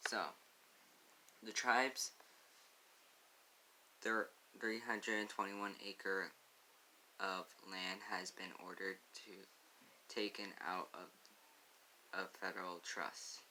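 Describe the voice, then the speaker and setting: A young man hosting his own channel, reading a news article aloud in a casual, halting way with frequent restarts. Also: deep voice, fairly even intonation, pushed and bright, slight background noise, rough recording. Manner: halting, stumbles and restarts on words.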